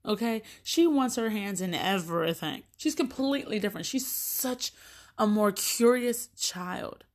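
A woman in her thirties talks about her children in a relaxed, conversational monologue. Her voice sits at an ordinary middle pitch, and she slips into little acted-out exchanges as she tells each story. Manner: chatty, animated, acts out little dialogues with her kids. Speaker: mother sharing parenting stories. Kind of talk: casual monologue.

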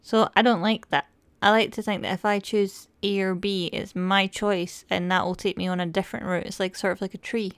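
A woman's voice: mid-range voice, steady tone, fairly quick, no room sound. A woman co-hosting a casual review chat, eager and opinionated. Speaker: podcast co-host.

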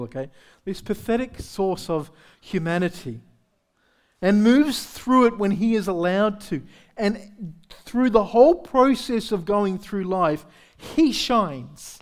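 At a church service, a high-pitched male pastor preaches a sermon in a candid, conversational style. He pokes fun at himself and keeps tossing rhetorical questions to the congregation.

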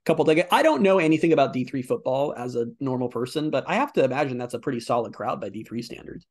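A man's voice: medium pitch, lively intonation, fast talker. A young man co-hosting a sports podcast, chatting casually with lots of fillers. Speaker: podcast co-host.

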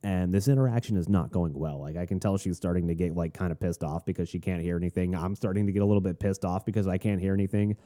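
A podcast host with a deep, warm voice and no Southern accent tells a long, casual anecdote, rambling, wry and self-deprecating. He talks quickly with fairly even intonation and hardly pauses.

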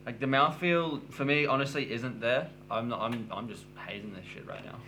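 A man's voice: mid-range voice, moderate pace, noisy background. Wry joking young man. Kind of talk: casual chat.

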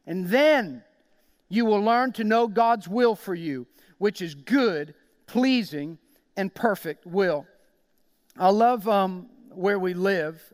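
High-voiced pastor, animated sermon. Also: male voice, takes it slowly, no echo, clean studio sound. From South Jersey, USA. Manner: animated storytelling, acts out quoted voices.

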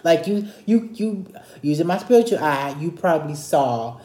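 Playful male Bible teacher, mellow low voice, roomy echoey room. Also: normal speed. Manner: chatty, playful, animated retelling. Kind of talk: casual Bible study teaching.

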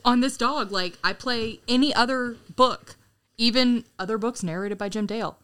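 A woman's voice: a little high, moderate pace, fairly bright tone, smooth. A young adult woman co-hosting a podcast, telling stories in casual chat, laughing often and swearing freely. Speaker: podcast co-host.

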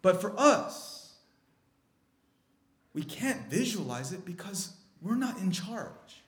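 High-voiced pastor preaching in an echoey room. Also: male voice, slow. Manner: swings from hushed, intimate asides to loud, excited bursts. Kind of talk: sermon.

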